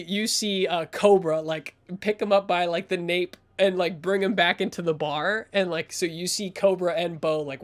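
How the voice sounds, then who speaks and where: A man narrating a tabletop role-playing game as its game master. He rambles through the scene, full of fillers and restarts. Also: on the high side.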